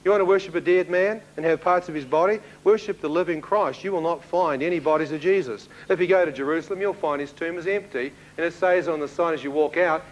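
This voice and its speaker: A man from New Zealand with a New Zealand accent, telling his testimony as a sermon and acting out the dialogue in an animated way. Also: a little high, quick pace, few pauses, highs cut off. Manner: animated storyteller who acts out dialogue, with laughs. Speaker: preacher giving a testimony.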